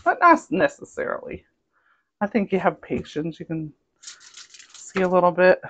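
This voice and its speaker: A woman's voice: fairly low pitch, big pitch swings, a little slow, a bit bright. A woman with a light Southern US accent, chatting casually as a cooking vlogger, rambling and savoring food aloud.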